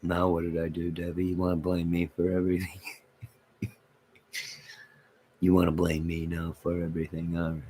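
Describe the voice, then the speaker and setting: A man's voice: deep voice, fairly even intonation, moderate pace, gravelly, long pauses, husky. A man hosting a casual livestream, rambling and joking with his chat viewers, with a toothless way of speaking. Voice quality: toothless speech. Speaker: livestream host.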